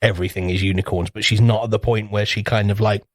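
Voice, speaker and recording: A man's voice: fairly low pitch, fairly even intonation, fast, no room sound. A man co-hosting a podcast in casual chat, rambling through anecdotes, swearing freely and acting out little voices. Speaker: podcast co-host.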